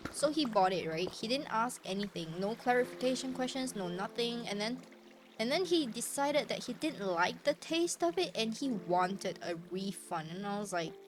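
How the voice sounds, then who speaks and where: A woman's voice: fairly high pitch, animated, normal speed, background noise. A woman streamer chatting casually while gaming, ranting and swearing freely. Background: background music.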